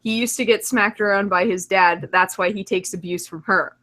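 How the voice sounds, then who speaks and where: A woman's voice: medium pitch, fairly even intonation, normal speed, fairly bright tone. A woman co-hosting a livestreamed talk show, joking crudely and laughing often between lines. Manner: laughs often, swears freely. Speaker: podcast co-host. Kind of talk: crude casual banter.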